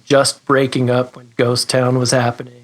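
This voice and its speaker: Male podcast guest, mid-pitched, rambling, self-mocking, casual. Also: completely flat delivery, moderate pace. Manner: rambling, self-deprecating, laughs. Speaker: guest, guitar pedal maker. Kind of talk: casual interview chat.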